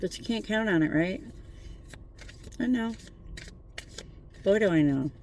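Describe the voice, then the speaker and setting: A tarot reader talks into a phone from a parked car at night in a gravelly, creaky voice. The talk is a casual spiritual pep talk, earnest and encouraging, but full of swearing and wisecracks. A faint hiss sits under the voice. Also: medium pitch, expressive, a little slow, darkish tone. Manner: profane, joking, earnest encouragement.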